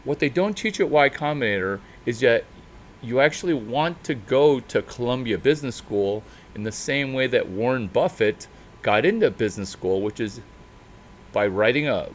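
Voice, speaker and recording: A man talking off the cuff as a startup mentor, in an animated, unscripted monologue with sudden jumps in pitch and loudness and drawn-out emphasis. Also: slight background noise.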